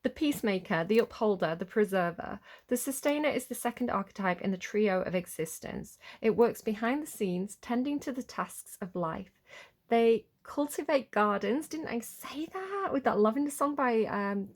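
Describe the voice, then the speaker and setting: A woman with a fairly high, animated voice does an offhand tarot reading. She wanders off topic, loses focus easily and keeps saying sorry, then slows her pace whenever she reads a card's text aloud between asides.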